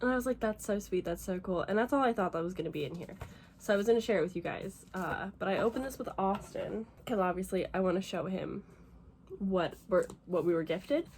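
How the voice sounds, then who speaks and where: A young American woman vlogs about books in a casual, rambling chat, teary and gushing with emotion. Her voice sits at an ordinary middle pitch, and a faint hiss runs underneath the recording. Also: lively intonation, a little mellow. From United States. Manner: fast, rambling with many fillers. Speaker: book vlogger.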